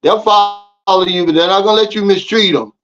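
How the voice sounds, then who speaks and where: A man from the United States delivers a casual vlog monologue, lecturing his viewers with emphatic, preachy advice. His voice sits high for a man. The audio is a little dull and lo-fi. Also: a little fast, a bit bright. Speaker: vlogger.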